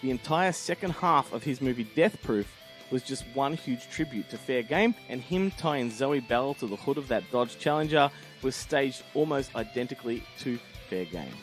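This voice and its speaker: Raspy australian man, tired, irreverent movie reviewer, faint music. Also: medium pitch, animated, normal speed. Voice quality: raspy, gravelly. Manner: blunt, irreverent, joking. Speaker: film segment presenter. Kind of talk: recorded movie review segment.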